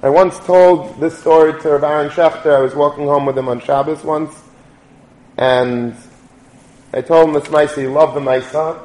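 A middle-aged man, a rabbi, telling a story to a room in an animated, informal way. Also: mid-range voice. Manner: animated, informal storytelling with Yiddish and Hebrew terms. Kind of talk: storytelling talk. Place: lecture room. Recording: echoey room.

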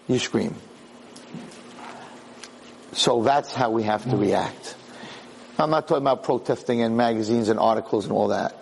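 A middle-aged man giving an impassioned Torah talk, telling stories and acting out quotes in a husky voice. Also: mid-range voice, in a large hall, poor audio. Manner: storytelling, acts out quotes, impassioned. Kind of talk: animated Torah class.

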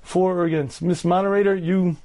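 A middle-aged rabbi lectures earnestly on faith and dating, pausing often to clear his throat. His voice sits high for a man. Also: steady tone, warm tone. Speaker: rabbi giving a talk.

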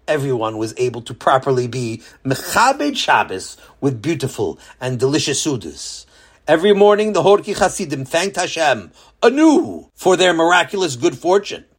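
A man narrating a children's story in an expressive storyteller manner. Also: fairly high pitch, slightly rough.

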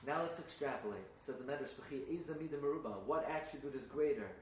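Delivering a rabbi's sermon, a man poses emphatic rhetorical questions before lifting into fervent chanting of texts. He talks quickly in a mid-range voice, captured from a distance with echo and slight background noise.

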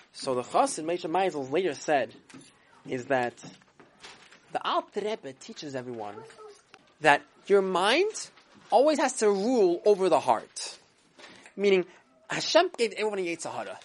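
Animated woman telling a children's story. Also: lowish voice, unhurried, pauses often. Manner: dramatic, with sound effects and voices.

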